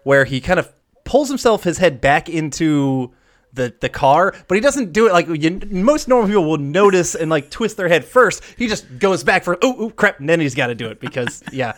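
Casual guy co-hosting a movie podcast, bit higher pitched, talks in loose restarting sentences. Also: very animated, moderate pace. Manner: chatty, laughs often, restarts sentences. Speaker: podcast co-host. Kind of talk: casual chat, movie breakdown.

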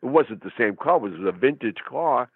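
A husky man telling a dramatic story in conversation, acting out quotes in a tough-talking way. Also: mid-range voice, lively intonation, normal speed, no echo. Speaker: interview guest. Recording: phone-like narrow sound, dry.

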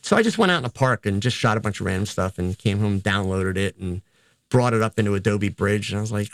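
A man's voice: lowish voice, lively intonation, quick pace, no room sound. Self-deprecating older man, dry sound. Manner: rambling and self-deprecating, quotes himself. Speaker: photographer and educator. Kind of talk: casual interview storytelling.

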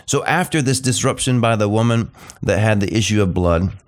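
A middle-aged man preaching a sermon, repeating short phrases and slowing down to stress key points. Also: lowish voice. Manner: emphatic, repetitive preaching cadence, slows down on key phrases.

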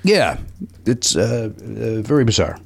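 A man's voice: lowish voice, lively intonation, unhurried, gravelly, slightly rough. A man hosting a podcast, rambling and hesitant with playful jabs at his guests. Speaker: podcast host. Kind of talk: casual chat.

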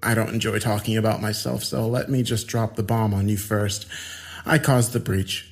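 A man's voice: fairly low pitch, little pitch movement, normal speed, creaky, faint music behind. A man voicing a giggly, unhinged young man in his mid-twenties who taunts and jokes casually. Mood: breezy. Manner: smirking, laughing, casual slangy taunts.

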